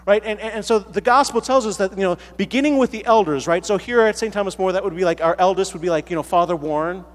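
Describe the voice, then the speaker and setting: A man's voice: sits high, fast talker, slight background noise. A man preaching a conversational sermon as a priest, talking casually with many fillers and tag questions. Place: church. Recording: reverberant church hall.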